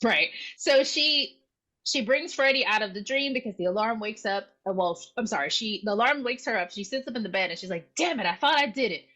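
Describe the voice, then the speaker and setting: A woman's voice: mid-range voice, brisk. A woman co-hosting a podcast, chatting casually as she recaps a horror film and acts out scenes. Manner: animated, acts out scenes with voices and laughs. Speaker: podcast co-host.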